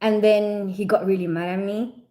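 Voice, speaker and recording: A woman's voice: medium pitch, flat delivery, moderate pace, dark tone. A woman chatting casually on a livestream, rambling with lots of fillers and frequent giggles. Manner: rambling, heavy use of fillers.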